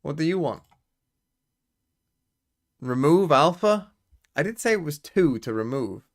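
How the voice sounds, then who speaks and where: Fairly high-pitched and sing-song, this streamer speaks unhurriedly. He works through a word puzzle on a casual livestream, thinking aloud, murmuring guesses, and reading out the chat.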